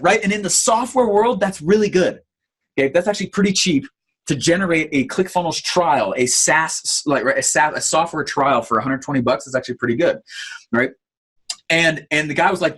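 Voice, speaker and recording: A man giving an online marketing training, telling stories in an animated way with lots of fillers. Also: fairly high pitch, brisk, husky. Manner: animated storytelling with many fillers.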